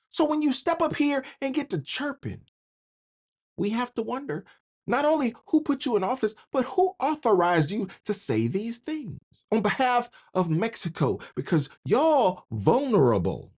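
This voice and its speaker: A woman's voice: a little high, a little mellow. A woman hosting a political commentary monologue, talking in a slangy way and laughing between phrases. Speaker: commentary channel host.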